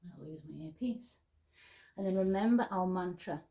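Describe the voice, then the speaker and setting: A woman at home, softly guiding a meditation and movement practice at an unhurried pace, with quiet whispered asides. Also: on the low side, expressive, creaky, husky. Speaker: spiritual teacher. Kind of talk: guided meditation and movement instruction.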